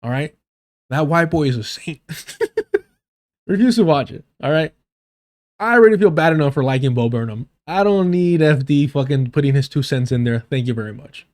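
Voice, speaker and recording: Hosting a live stream, a man reviews a debate clip and rants to his chat with profane, mocking, animated commentary. His voice is a little high and his pace moderate.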